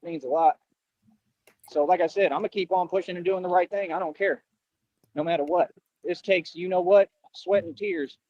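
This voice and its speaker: A man's voice: high voice, steady tone, normal speed, no room sound, lo-fi sound. A man rambling on at length, boastful and earnest, repeating himself often, with a way of talking. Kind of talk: rambling street monologue.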